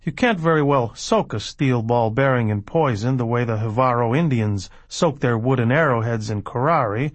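A man playing a brisk, detached former doctor with a husky, slightly raised voice. He lays out facts without comfort, precise and unsentimental, and sounds close and dry. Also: medium pitch, dry recording, close to an everyday voice. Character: cool, clinical male ex-doctor, curt.

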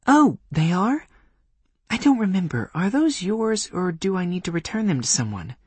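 A man voicing a quick-witted young woman apprentice who talks in a bright, teasing way. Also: sits high, very animated, breathy edge, no echo, pitched above the performer's own voice, full character voice. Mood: playful.

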